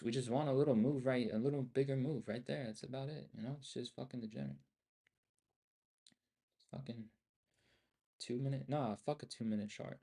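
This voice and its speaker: A man's voice: medium pitch, gravelly, warm tone. A young man ranting at a livestream audience as he trades, heated and profane, talking into a desk mic.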